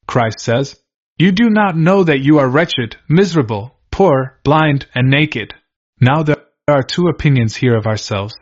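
A man's voice: mid-range voice, lively intonation, unhurried, highs cut off. A man preaching a sermon, explaining a Bible passage in an earnest teaching manner and posing questions to his listeners.

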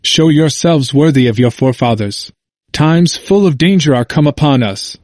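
A man's voice: fairly high pitch, lively intonation, normal speed, a little mellow, no echo, studio quality, natural voice. A man reading the part of a whining, fanatical old bishop who pleads before a king. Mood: pleading.

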